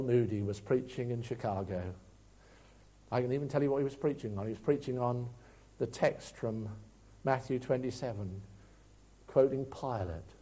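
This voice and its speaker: Earnest preacher, mellow voice. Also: male voice, medium pitch. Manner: earnest preaching, swings between loud emphasis and quiet asides. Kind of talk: sermon.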